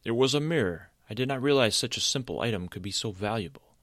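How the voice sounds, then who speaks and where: A man's voice: medium pitch, animated, quick pace, a bit bright, no echo, studio quality, voice pushed up, natural voice. A man voicing an old male wizard cursed into a tree stump, firm and insistent as he explains. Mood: innocent.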